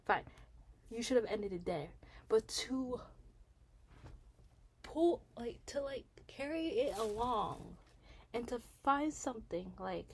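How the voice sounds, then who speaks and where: A woman giving casual commentary on a reality show, rambling and animated, with frequent restarts and fillers and rising emphasis when indignant. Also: fairly high pitch, slow, pauses often, a little hiss or hum. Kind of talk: casual opinion vlog.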